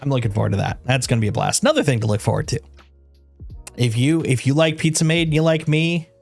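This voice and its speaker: A man in his own easy streamer voice, sitting mid-range in pitch and chatting to viewers. His sentences ramble and restart, he laughs readily, and he dotes on his dog in cooing baby talk. Faint music plays quietly behind him. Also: expressive, quick pace, creaky. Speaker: game streamer. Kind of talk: casual livestream chat.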